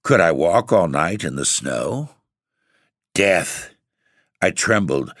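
Deep-voiced man narrating a story. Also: a bit bright, no echo, studio quality. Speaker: audiobook narrator. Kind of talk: first-person story narration.

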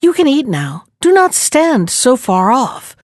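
A woman voicing a young maiden who calmly calls objects to her in a fairy tale. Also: high-pitched, slow, no room sound, studio quality, voice pushed up, heavily acted. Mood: commanding. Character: young maiden, calm and magical.

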